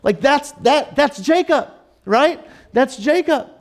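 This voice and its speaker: High-voiced, chatty male preacher. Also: animated, takes it slowly. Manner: chatty, joking asides, frequent restarts and fillers. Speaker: pastor. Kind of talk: casual sermon. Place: church.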